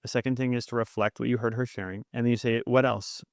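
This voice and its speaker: Male podcast co-host, coaching tone, talks fast, dry close mic. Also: medium pitch, clean tone, no room sound. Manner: calm, coaching, models soft reflective replies. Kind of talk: teaching conversation on marriage.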